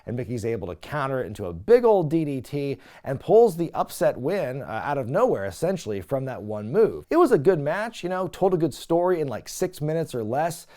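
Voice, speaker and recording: Man host, slightly high voice, very animated delivery, casual recap chat. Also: fairly quick, hardly any pauses. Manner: animated, chatty, frequent "like" fillers. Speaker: wrestling recap podcast host.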